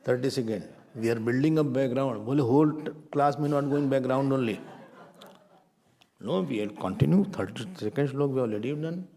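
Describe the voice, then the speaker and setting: A middle-aged man with an Indian accent, teaching a spiritual class in a lively, playful way. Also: mid-range voice, brisk. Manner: animated, playful, mixes Hindi phrases. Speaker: Vedanta teacher.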